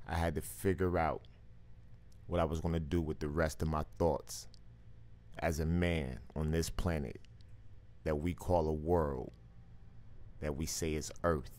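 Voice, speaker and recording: Man, booming radio host voice, deep, slow reflective delivery. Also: darkish tone. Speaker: live stream radio host. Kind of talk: reflective monologue and call-in chat.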